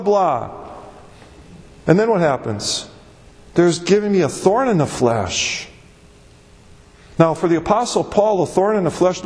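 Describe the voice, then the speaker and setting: A male pastor preaching a sermon, reading scripture aloud and stressing key words with slow, deliberate emphasis. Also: high voice, darkish tone. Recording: long reverb of a large hall.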